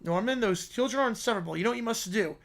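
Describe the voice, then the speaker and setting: A man's voice: high voice, very fast, creaky, a bit bright. A man voicing a stern, scheming old mother giving her son orders. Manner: stern, commanding.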